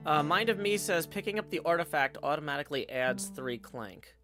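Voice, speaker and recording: A man's voice: a little high, lively intonation, brisk. A man hosting a game stream, playfully explaining what he is doing as he plays. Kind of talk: casual gameplay commentary. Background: game music.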